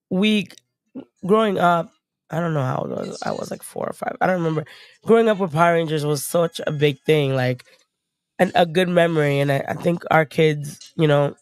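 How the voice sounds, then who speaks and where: Here a young woman with a low, smooth voice drops by a stream for some casual conversation, with no room sound in the background. Blunt and foul-mouthed, she spins lively stories while shaking off the last of a cold.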